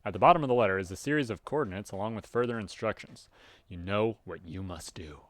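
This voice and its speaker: A man reading a webcomic aloud and chatting about it casually, with sudden loud, animated outbursts. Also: fairly low pitch, fast, no room sound. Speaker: webcomic reader. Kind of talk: casual read-aloud with commentary.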